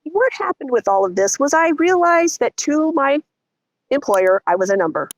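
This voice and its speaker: A middle-aged woman, telling a story as a guest in an interview, animated and vivid. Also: moderate pace, dry recording. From Texas. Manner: animated, vivid storytelling with lots of pitch swings.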